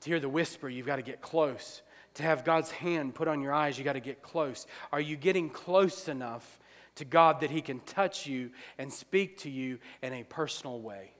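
A man preaching a sermon, acting out dialogue, swinging from loud to quiet. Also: mid-range voice, normal speed. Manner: preaching, acts out dialogue, rises loud then drops quiet. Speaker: pastor. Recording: long hall reverb.

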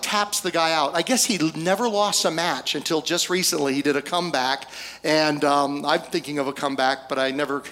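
A male pastor preaching a storytelling sermon, folksy, with humorous asides and pauses for effect. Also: a little high, fairly bright tone.

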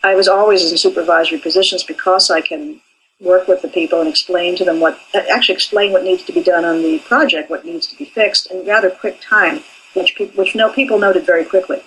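A woman's voice: lowish voice, brisk, a bit bright, husky, poor audio. An older woman, an animation professor, speaking candidly in an interview about her training. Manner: candid and forthright.

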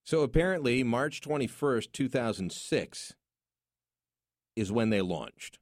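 A man's voice: mid-range voice, lively intonation, unhurried, dry recording, clean studio sound. A man hosting a talk radio show, speaking in an opinionated, jokey, conversational way. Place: radio studio.

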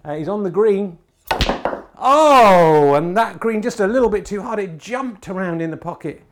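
A middle-aged man with an English accent, hosting a comedy podcast in excitable, hesitant mock snooker commentary. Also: high-pitched, normal speed. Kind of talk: comic mock sports commentary.

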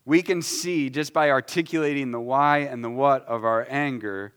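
Smooth and medium-pitched, this pastor preaches conversationally at a moderate pace, acting out brief prayers in his own voice. His delivery alternates between quiet asides and loud, emphatic statements.

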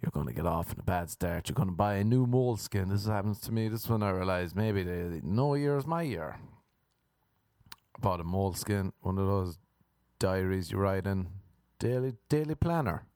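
A man's voice: low voice, animated, normal speed, a little mellow, no room sound, studio quality. A man hosting a solo podcast, rambling off the cuff in a crude, jokey way with playful put-on voices. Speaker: podcast host. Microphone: microphone into laptop.

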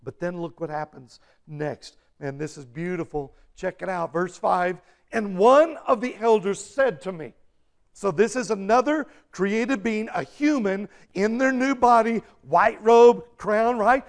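A man preaching a sermon in a high, gravelly voice. He speaks slowly and leaves room between phrases. His delivery is emphatic and now and then builds to an intense burst. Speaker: pastor.

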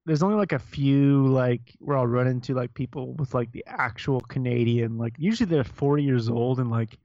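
A man's voice: medium pitch, moderate pace, dark tone, no room sound, muffled recording. A young man co-hosting a podcast who chats casually in a laid-back way, laughs often and fills his talk with hesitant "like"s. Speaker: podcast co-host. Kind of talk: casual chat.

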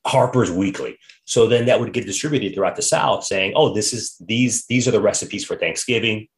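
A man hosting a podcast, telling history in a casual, animated way and reading quotes aloud. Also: on the low side, normal speed. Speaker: podcast host.

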